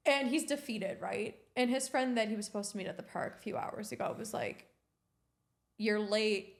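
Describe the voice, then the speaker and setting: With a slightly high voice, a brisk pace, and vocal fry, this young adult co-host tells stories on a podcast. The chat is casual, and she animatedly performs the quotes.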